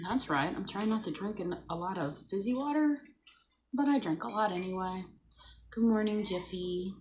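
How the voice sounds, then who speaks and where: A woman's voice: mid-range voice, animated, moderate pace, slight background noise, rough recording. A woman hosting a casual morning livestream, chatty and playful, greeting viewers by name as she talks. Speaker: livestream host.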